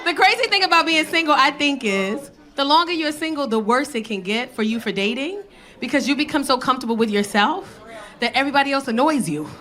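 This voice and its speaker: A woman's voice: high-pitched, animated, fairly quick. A middle-aged woman doing stand-up comedy on a club stage, blunt and profane, teasing the audience into a handheld mic. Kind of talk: stand-up comedy set with crowd work. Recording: live club with loud audience laughter.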